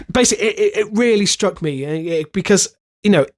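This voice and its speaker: In a casual podcast chat, a man co-hosting sounds nasal and stuffed up from a virus, talking hesitantly with lots of fillers and restarts. His voice sits high and is expressive, fairly quick, and a bit bright.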